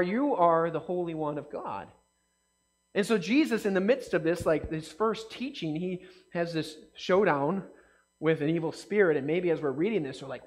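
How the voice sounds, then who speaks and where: A man giving a casual, conversational sermon, animated and often asking his listeners questions. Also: sits high, a little fast. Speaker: pastor.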